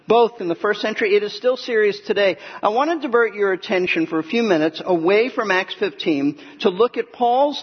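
A high-pitched male preacher delivers an earnest, emphatic sermon, walking through scripture point by point. His voice is a little husky, and the muffled, lo-fi recording carries a long hall reverb. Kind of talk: expository sermon. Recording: echoey hall, muffled lo-fi sound.

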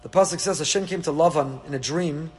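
A man's voice: fairly high pitch, a little fast. A man teaching a Torah class, asking rhetorical questions and dropping dry asides. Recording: echoey hall with faint hum.

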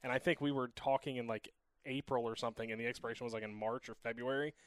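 Fast-talking teasing man, dry sound. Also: mid-range voice, fairly even intonation, clean tone, no echo. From Cuban heritage. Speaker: athletics staff co-host. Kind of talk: casual interview chat.

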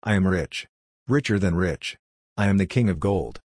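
A man voicing a greedy, excitable king in a storybook, eager and pleading, with a low, husky voice. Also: moderate pace, no room sound, studio quality.

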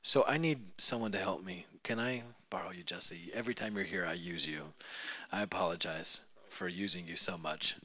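A man preaching a sermon in a church, telling a story with lively acted-out voices that rise to loud peaks. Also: deep voice, normal speed.

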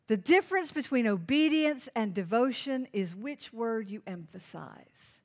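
High-voiced woman preaching a sermon. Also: lively intonation, a little slow, a little mellow. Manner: earnest, emphatic preaching with rhetorical questions. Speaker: pastor.

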